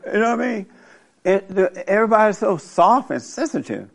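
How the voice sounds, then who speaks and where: Older male host, gravelly and a bit high, blunt, laughs through his stories. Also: big pitch swings, normal speed. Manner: blunt, laughing, rambling storytelling. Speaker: talk show host. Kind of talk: casual opinionated talk.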